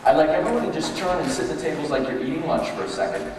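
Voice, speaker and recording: Animated man leading a workshop, echoey hall. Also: a little high, rapid-fire, noisy background. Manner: animated storytelling, acts out quotes. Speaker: leadership workshop presenter. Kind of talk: motivational workshop talk. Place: large room with tables, echoey. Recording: echoey hall from far off, faint ambience.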